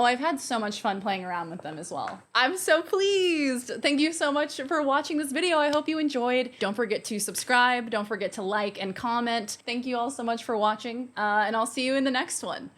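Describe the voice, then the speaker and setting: A young woman chatting through a makeup tutorial, excitable and gushing, joking with the camera and gasping in delight. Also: fairly high pitch. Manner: excitable and gushing, with frequent gasps and squeals; playful, self-mocking banter to the camera. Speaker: beauty vlogger. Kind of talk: chatty get-ready-with-me makeup vlog.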